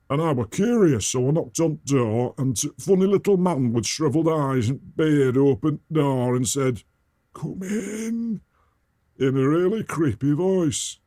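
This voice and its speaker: Brief: man voicing a dull northern soup cook, Northern English accent, deadpan, very slow. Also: on the high side, no room sound, studio quality, pitched above the performer's own voice. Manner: slow, flat and deadpan, dropping words to a clipped "t-". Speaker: guest character.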